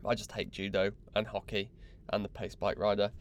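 A man's voice: fairly low pitch, level tone, brisk, slight background noise. A young man hosting a podcast, mocking and exasperated in a sweary comic rant. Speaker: podcast host.

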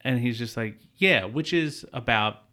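A man's voice: medium pitch, unhurried, pushed and bright. A man telling a rambling, profane story in casual podcast chat, laughing often. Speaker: podcast co-host.

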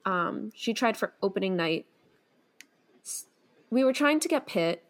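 A woman's voice: mid-range voice, unhurried. Chatty young woman podcast co-host. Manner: chatty storytelling, excitable. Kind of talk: casual chat.

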